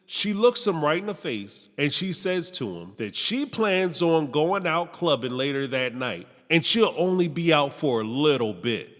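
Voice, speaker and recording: A man riffs through a reality show recap in a high, sarcastic voice full of slang. His pitch leaps and dips all over as he talks, and the sound rings with a long reverb. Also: fairly bright tone. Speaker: reality TV reviewer host. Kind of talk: commentary monologue.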